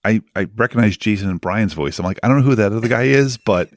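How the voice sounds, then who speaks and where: A man's voice: lowish voice, quick pace, dry recording, clean studio sound. A man co-hosting a podcast in casual chat, jokey and teasing, often talking over others. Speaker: podcast co-host.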